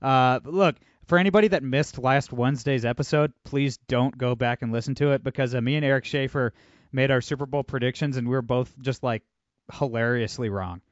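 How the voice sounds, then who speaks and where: A man's voice: mid-range voice, a little fast, no echo, dull audio. A man hosting a podcast, talking loosely with many fillers and restarts. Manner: loose, rambling, full of fillers. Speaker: podcast host. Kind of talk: casual podcast chat and ad read.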